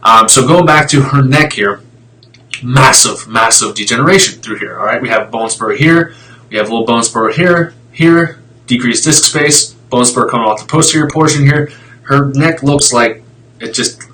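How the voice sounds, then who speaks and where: A man's voice: mid-range voice, bright, forceful tone, low-quality recording. A man talking casually on a live stream, explaining x-rays in a blunt, fired-up way, with tangents and mild swearing. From Italian heritage.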